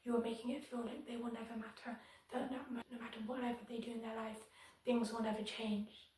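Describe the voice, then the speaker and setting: A woman speaks firmly and earnestly in a slightly high voice, addressing her viewers directly. The recording is very echoey, with her voice set back from the mic. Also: little pitch movement, fast talker, darkish tone, distant mic, a little hiss or hum. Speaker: disability vlogger. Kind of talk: direct-to-camera advocacy commentary. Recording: very echoey room, voice somewhat off-mic.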